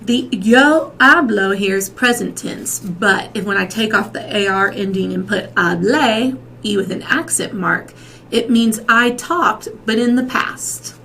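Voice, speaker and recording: Slow, patient woman teaching Spanish. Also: medium pitch, gravelly, sharp tone, poor audio. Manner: slow, patient, repeats and checks with "okay?". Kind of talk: classroom lesson. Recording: faint background noise.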